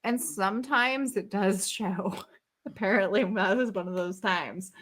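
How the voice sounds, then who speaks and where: A woman co-hosting a podcast in casual chat, animated and swearing casually with frequent laughter. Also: medium pitch, unhurried. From not from the South, Southern family. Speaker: podcast co-host.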